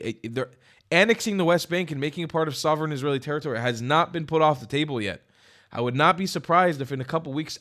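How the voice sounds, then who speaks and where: A man hosting a reaction vlog, talking bluntly with lots of swearing and emphasis, swinging from loud outbursts to quiet asides. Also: a little high. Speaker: reaction video host. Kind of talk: casual opinionated commentary. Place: lives in Israel.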